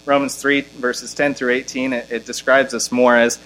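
A man preaches an expository sermon, reading scripture aloud and driving his points home with mounting force. His voice is a bit bright with little pitch movement, and the recording quality is low. He speaks emphatically, climbing in pitch and volume on key lines and slowing down to stress the scripture.

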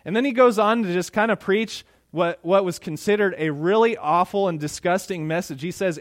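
A man preaching a sermon in a conversational, animated way, acting out quotes. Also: high-pitched, moderate pace, few pauses, no echo, studio quality. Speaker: pastor.

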